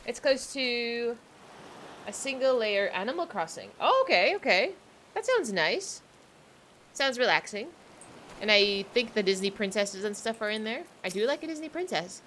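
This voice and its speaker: Young woman, casual stream chat, animated pitch, bright tone, faint noise behind. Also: normal speed. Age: young adult. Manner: chatty, rambling, self-deprecating. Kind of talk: casual livestream chat while playing.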